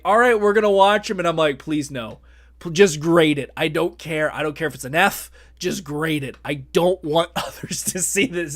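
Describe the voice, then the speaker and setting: A man in his late thirties hosting a podcast, telling a rambling, self-mocking story with laughs. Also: fairly high pitch. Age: late 30s. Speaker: podcast host. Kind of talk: casual podcast chat.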